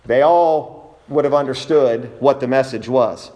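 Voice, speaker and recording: A man's voice: medium pitch, a little slow, dark tone, lo-fi sound. A man preaching an expository sermon, reading scripture and speaking earnestly and emphatically to his congregation.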